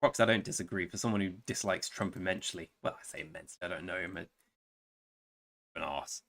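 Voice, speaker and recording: A man from England with a low, fairly bright voice talks fairly quickly on a live gaming stream. Between moves in a strategy game, he rambles wryly and responds to viewers by name.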